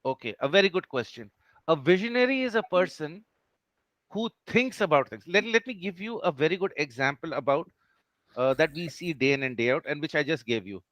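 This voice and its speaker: A man's voice: fairly high pitch, animated, a little fast, fairly bright tone, dry recording. A man teaching an online class over a video call, who explains each point patiently and keeps checking that his students follow.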